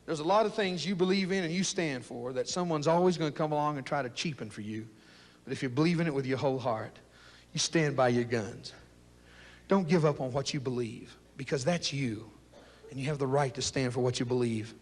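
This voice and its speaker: A man's voice: mid-range voice, brisk. Folksy man preaching in an echoing hall. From South Texas. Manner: folksy, jokey, fired-up preaching. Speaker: speaker telling his war story. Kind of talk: motivational speech to young people. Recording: long echo of a big hall.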